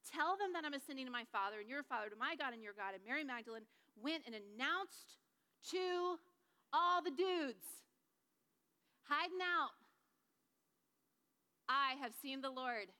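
A high, bright-voiced woman teaching the Bible in a chatty, animated way, with quick reading and playful asides. Her voice carries a long reverb, as if in a large hall. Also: clear, resonant tone.

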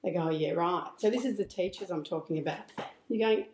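A woman's voice: medium pitch, fast talker, mellow, a little hiss or hum. A middle-aged woman telling a personal story in an interview, reflective, with asides and restarts. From Australia. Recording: echoey room.

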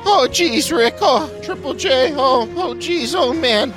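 A man's voice: very high voice, expressive, slow, exaggerated voice. A man doing Morty, a stammering nervous teen. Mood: anxious. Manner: stammering, whiny, anxious. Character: nervous stammering teenage boy sidekick. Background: music.

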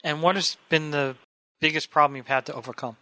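Bright high-voiced New York host, a man. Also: steady tone, brisk, no room sound. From New York City. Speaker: podcast host. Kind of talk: hosting, casual banter.

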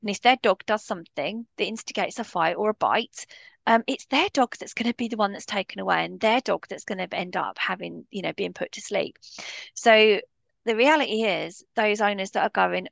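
A woman speaking as a dog behaviourist on a podcast, blunt and impassioned in how she puts things. Her voice sits in a middle pitch, and the recording is dry and close. She talks with firm conviction. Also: normal speed, vocal fry, fairly bright tone, dry recording. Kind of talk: podcast interview.

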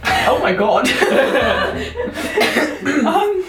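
A player in a tabletop game who talks slowly and playfully, with laughter throughout. The voice swings widely in pitch and sounds distant in an echoey room with background noise. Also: very animated. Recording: roomy distant mic with noise.

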